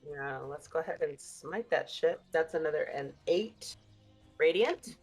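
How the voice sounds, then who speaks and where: A woman's voice: deep voice, expressive, unhurried, darkish tone, husky, soft background music. A woman player calling out rolls in a tabletop game, upbeat and casual.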